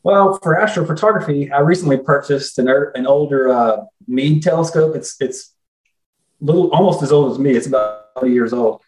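A man's voice: fairly high pitch, normal speed, darkish tone. A middle-aged man, an interview guest, talking casually and eagerly with lots of "you know". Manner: enthusiastic, folksy, says "you know" often. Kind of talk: casual conversation. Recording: echoey room.

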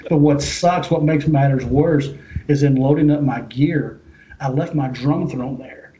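A man from Louisville, Kentucky, chats as a podcast guest with a somewhat high-pitched voice. He tells rambling, humorous stories and acts out the voices of the people in them. The sound is slightly muffled, with a faint hiss behind it. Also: unhurried, dark tone. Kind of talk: casual chat, storytelling.

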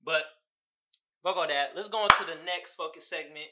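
A young man with a Californian accent hosting a casual podcast, telling stories loudly and animatedly with laughter and profanity. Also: on the high side, moderate pace, very noisy. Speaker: podcast host. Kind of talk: casual solo podcast chat.

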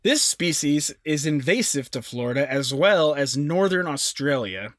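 A man's voice: on the high side, lively intonation, unhurried, fairly bright tone, dry recording, clean studio sound. A young adult man co-hosting a podcast in casual chat, presenting facts with jokey asides. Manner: chatty, jokey, with self-aware asides. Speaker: podcast co-host.

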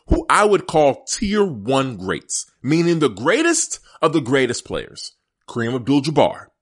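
A man's voice: mid-range voice, fairly bright tone, slightly rough. A middle-aged man hosting a casual sports podcast, emphatic and laughing often as he talks straight to his listeners. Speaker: podcast host.

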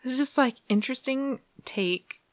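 A woman's voice: sits high, a little slow, no echo, studio quality. A woman casually recapping a comic story, laughing often and dropping to a whisper for asides. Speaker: podcast host recapping comics. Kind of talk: casual chat.

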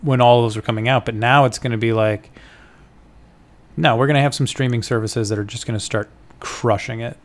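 A man's voice: mid-range voice, fairly even intonation, fairly quick. Casual swearing podcast co-host man. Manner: loose and profane, lots of "like". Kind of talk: casual chat.

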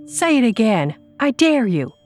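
A desperate, hot-tempered young male student president, played by a female narrator, snapping and pleading in a tense, raised voice. Every line comes out sharp and pushed. A faint music bed lies under him. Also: mid-range voice, lively intonation, normal speed, natural voice. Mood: angry. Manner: hissing, shouting, pleading.

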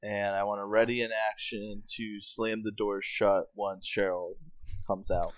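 A man playing a tabletop role-playing game, stating his moves and asking tactical questions deliberately. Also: lowish voice, level tone, dry recording. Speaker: player.

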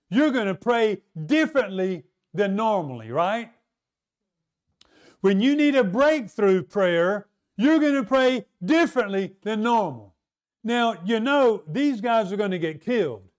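A man preaching a sermon, emphatic and often asking the congregation questions. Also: high-pitched. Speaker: pastor.

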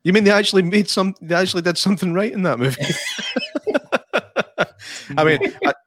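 A man in a casual movie chat, talking in a lively way and laughing easily. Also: high voice, a little fast, slight background noise.

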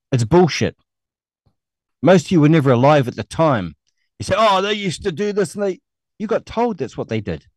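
This middle-aged New Zealander hosts an online show and delivers an angry, scornful, heavily profane ranting monologue. His voice is fairly low and darkish, captured with studio quality and no echo.

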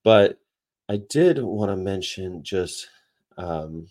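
A man's voice: low-pitched, expressive, takes it slowly, a little mellow. A man hosting a livestream, chatting casually and rambling between topics and read-aloud definitions. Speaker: livestream host.

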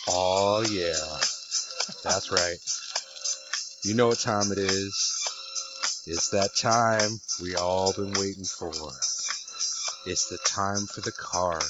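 A man with a cold voicing a slow, sultry, deep-voiced male crooner with a put-on Southern accent. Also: fairly even intonation, dull audio, over loud music. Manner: slow drawling sultry delivery. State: has a cold.

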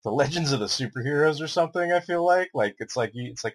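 Animated rambling male podcast host. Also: a little high, fast, rough recording. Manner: rambling, sardonic, swears freely. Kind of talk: casual podcast chat, reading a synopsis.

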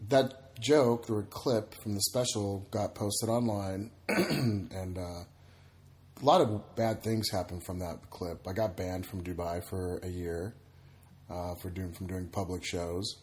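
A man's voice: low-pitched, takes it slowly, darkish tone. A man, a comedian and podcast guest, chatting casually and acting out voices in his stories. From Egypt / United States. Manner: storytelling, acts out voices in anecdotes.

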